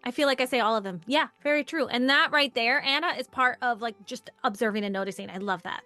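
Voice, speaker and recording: Animated woman leading a workshop. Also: a little high, quick pace, dry recording, soft background music. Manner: animated, acts out quoted dialogue in voices; casual, conversational, chatty asides. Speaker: workshop leader. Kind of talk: live online workshop teaching.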